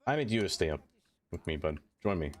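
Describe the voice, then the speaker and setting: On a live stream, a young man with a low, expressive voice talks quickly while playing a city-building game. He laughs a lot and addresses the things he builds as if they could hear him, with faint music in the background.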